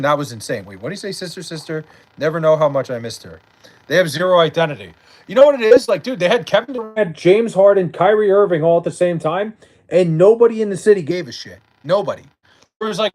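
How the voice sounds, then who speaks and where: A man's voice: on the high side, rough recording. Casual young man streaming late at night. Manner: casual, profane, reads chat aloud and banters. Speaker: live streamer. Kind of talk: late-night livestream chat.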